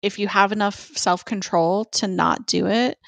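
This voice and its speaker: A woman co-hosting a casual podcast, telling her stories in an open, chatty way. Her voice sits at an ordinary middle pitch. The close mic gives a dry sound with no room in it. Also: steady tone, moderate pace, vocal fry, fairly bright tone, no echo. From Georgia, US. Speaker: podcast co-host.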